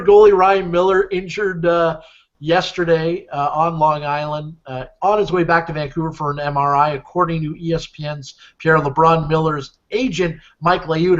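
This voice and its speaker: A man with a fairly bright, higher-pitched voice co-hosts a podcast, reading news releases aloud between bits of casual chat. He hesitates often, with many "uh"s, and the audio is dull and lo-fi.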